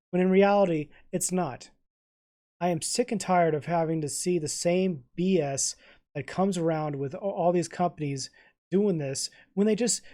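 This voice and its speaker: A man's voice: sits high, dark tone. Stammering man in a frustrated rant. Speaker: reaction channel host. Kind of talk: casual reaction rant.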